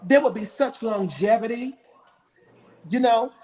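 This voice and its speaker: A man's voice: very high voice, a little slow, darkish tone. A man on a talk show panel, speaking earnestly and openly about emotion, with a preaching lilt.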